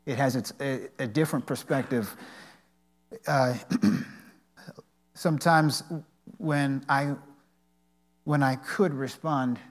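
A man giving an earnest devotional talk with personal stories. He speaks haltingly, with many restarts. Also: medium pitch.

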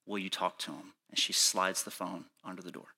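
Bright-voiced man preaching a sermon. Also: low voice, flat delivery, fairly quick, vocal fry. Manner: urgent pleading, rising to shouting in reenacted moments; soft and hushed when recounting prayer. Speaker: pastor. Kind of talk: sermon storytelling.

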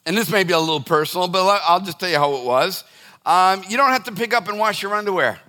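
A man's voice: sits high, expressive, quick pace, pushed and bright. A middle-aged man preaching a sermon to his congregation in a loose, conversational way, with frequent restarts and direct asides. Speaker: pastor.

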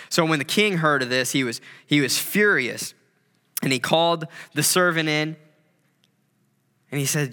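A man's voice: on the high side, unhurried, long pauses, sharp tone, smooth, in a large hall. A man preaching a sermon in a conversational way, retelling a parable with quoted voices. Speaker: pastor.

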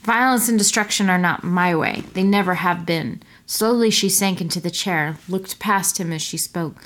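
Woman co-reading a story aloud, playful, takes the dialogue slow and keeps asking questions. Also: on the low side, a bit bright. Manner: playful, asks questions, reads her part slowly. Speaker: co-reader of a story. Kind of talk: casual reading aloud with banter.

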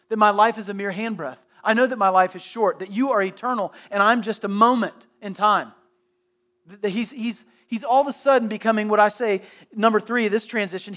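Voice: medium pitch, a bit bright. A pastor preaching a sermon in a conversational way, asking the listeners direct questions and often restarting and repeating phrases.

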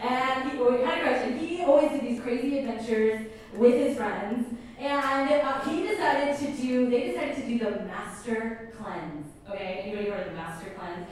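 A woman's voice: a little high, expressive, normal speed, few pauses. A woman pastor giving a chatty, enthusiastic sermon with storytelling and prayer at a church service. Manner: enthusiastic and chatty, many fillers. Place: church service in a comedy club venue. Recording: echoey hall from far off, faint noise.

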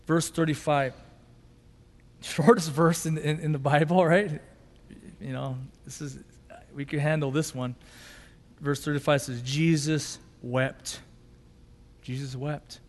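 Male pastor, high voice, emotive sermon delivery, long hall reverb. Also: fairly even intonation, a little slow, long pauses. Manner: emotive preaching, swinging from loud intensity to quiet softness.

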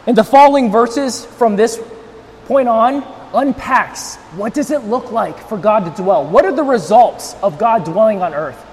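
A male pastor preaching a sermon, switching between loud, near-shouted emphasis and softer, tender passages while straining his voice without a monitor. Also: high voice, measured pace, long reverb tail.

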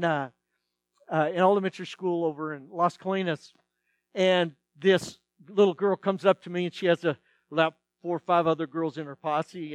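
A man preaching a sermon as pastor, telling stories and acting out the dialogue with lively shifts. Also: sits high, no echo. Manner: animated storytelling, acts out dialogue.

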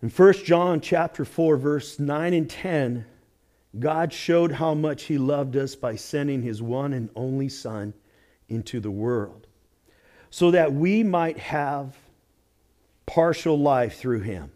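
A male pastor preaching a sermon with lively delivery, moving between loud exclamations and quiet, hushed asides. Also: on the high side, slow.

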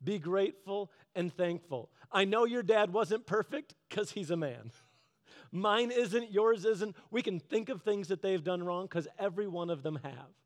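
A man's voice: high-pitched, lively intonation, measured pace. A man preaching a casual, conversational sermon, telling stories in an earnest, chatty way. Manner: earnest, chatty storytelling with laughs.

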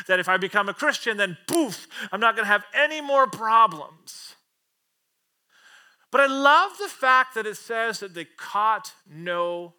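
A man preaching a sermon, animated and playful, swinging from loud acted-out quotes to quiet asides with casual jokes. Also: sits high. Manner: playful, casual slang and self-aware jokes. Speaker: pastor.

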